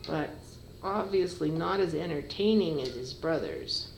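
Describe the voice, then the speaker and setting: A woman's voice: low-pitched, expressive, unhurried, gravelly, roomy sound, very noisy. A cat breeder chatting fondly to her kittens in a casual home video, with baby talk in between.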